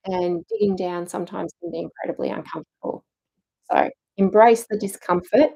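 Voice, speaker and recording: A woman's voice: mid-range voice, dark tone, highs cut off. A middle-aged woman coaching a challenge group on mindset, earnest and encouraging, acting out inner self-talk.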